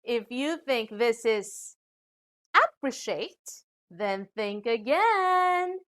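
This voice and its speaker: A woman from the Philippines with a Filipino accent, teaching a scripted English pronunciation lesson to students. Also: on the high side. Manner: slow, lively teacherly delivery addressing students.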